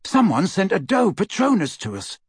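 An excitable teenage wizard boy with a raised, lively voice, quick to turn defensive, as a man plays him. A storybook reading, close and dry. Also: high voice, husky, no room sound, pitched above the performer's own voice, exaggerated voice. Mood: eager. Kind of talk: audiobook character reading.

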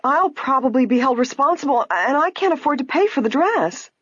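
A woman's voice: lowish voice, brisk, darkish tone, husky, dry recording, voice pushed up. Anxious young store clerk, polite and worried, read by a woman, dry and slightly muffled. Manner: worried, eager to please.

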